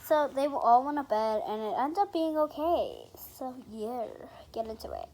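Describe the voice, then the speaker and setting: A woman's voice: high-pitched, wildly swooping pitch, moderate pace, dark tone. Chatty, giggly female narrator. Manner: chatty, giggly, uses 'like' and 'so, yeah'. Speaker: roleplay narrator. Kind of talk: casual pretend-play narration. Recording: faint background noise.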